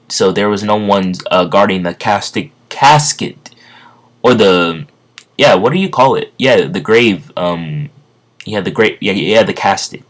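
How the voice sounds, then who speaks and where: A man casually retelling a story off the cuff, rambling and halting, with many fillers and self-corrections. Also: sits low, a bit bright. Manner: stumbles over words. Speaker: fan storyteller.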